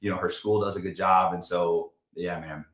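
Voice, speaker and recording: A man's voice: sits low, flat delivery, moderate pace, fairly bright tone, roomy sound. A man talking as a podcast guest in casual chat, emphatic and profane, often saying dude and man.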